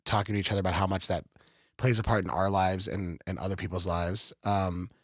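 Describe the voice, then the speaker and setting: Rambling, lower-voiced man co-host. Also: little pitch movement, a little fast, no echo, clean studio sound. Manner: rambling, hedges with many fillers. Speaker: podcast co-host. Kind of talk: casual podcast conversation.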